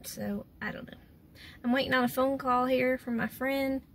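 Woman vlogger, casual ramble, slightly high voice with gravelly fry. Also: fairly even intonation, moderate pace, slight background noise. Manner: chatty and rambling. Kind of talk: casual chat to camera.

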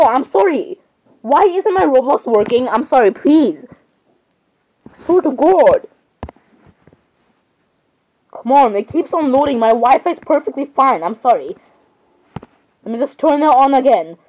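A woman's voice: sits high, expressive, moderate pace, pauses often, darkish tone, poor audio. A thirteen-year-old girl chatting while gaming, rambling and dramatic. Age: teens. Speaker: gamer. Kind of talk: casual gameplay chatter.

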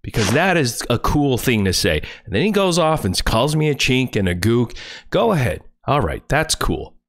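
A man's voice: medium pitch, big pitch swings, normal speed. Furious, profane man ranting on stream. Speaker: livestreamer. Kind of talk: angry livestream rant.

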